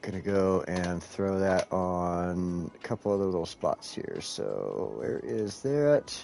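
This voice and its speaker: Male live streamer, casual and profane, lowish voice, mellow tone, faint music playing behind. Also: lively intonation, slow, creaky, slight background noise. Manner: rambling, profane, talks to chat while clicking around. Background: faint background music.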